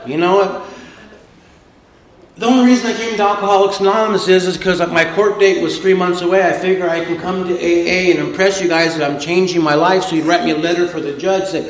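A man's voice: high-pitched, fairly bright tone, echoey room, slight background noise, rough recording. A man telling a humorous recovery story to a meeting audience, with a wisecracking, tough-guy delivery. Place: meeting room with a live audience.

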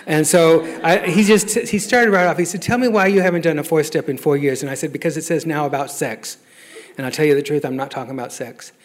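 A middle-aged man gives a personal testimony in a wry, self-mocking storytelling manner. His voice sits a little high for a man, and laughter often runs through what he says. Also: brisk. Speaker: speaker sharing recovery story.

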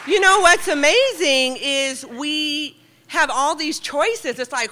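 A middle-aged woman giving a lively, joking and heartfelt talk to an audience in a meeting hall. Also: sits high, slow pace, few pauses, a faint crowd. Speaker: guest speaker at a recovery meeting.

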